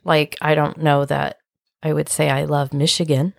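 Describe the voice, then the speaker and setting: A woman's voice: sits low, level tone, normal speed, gravelly, no room sound, studio quality. A woman co-hosting a podcast with her husband, chatting casually with playful mock exasperation. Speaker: podcast co-host. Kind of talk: casual banter.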